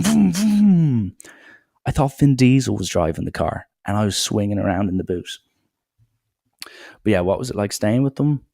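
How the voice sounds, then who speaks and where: A man's voice: lowish voice, creaky, a little mellow, no echo, clean studio sound. A young man hosting a solo podcast, rambling through irreverent banter with plenty of swearing. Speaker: podcast host.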